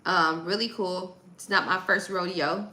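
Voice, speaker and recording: A woman's voice: fairly low pitch, fairly even intonation, unhurried, pushed and bright, roomy sound, rough recording. A woman hosting a livestream, chatting casually with her viewers and reading text aloud. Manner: chatty, talks to chat, reads text aloud. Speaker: livestream host.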